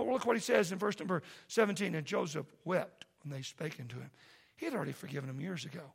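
A man who is a pastor preaching a sermon in a church, impassioned and loud at first, then soft and pleading. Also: a little high, quick pace, creaky, breathy edge. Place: church sanctuary.

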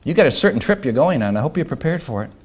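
Male preacher, bit higher voice, very animated; dramatic sermon delivery. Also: breathy edge. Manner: dramatic, swinging from loud to hushed; rhetorical questions, slows on key words. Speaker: pastor.

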